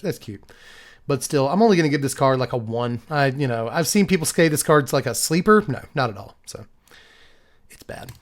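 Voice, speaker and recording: Chatty man rating cards aloud, slightly high-pitched. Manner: chatty, thinks aloud, gives quick numeric ratings. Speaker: card game reviewer. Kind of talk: casual card-by-card review.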